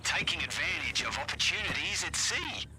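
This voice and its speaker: An actor playing a smug, mercenary yacht captain in a video game, delivering mission briefings with dry sarcastic wit. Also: male voice, a little high, very animated, normal speed, low-quality recording. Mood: wry. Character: smug man, yacht captain, wry and greedy. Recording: game audio with music underneath.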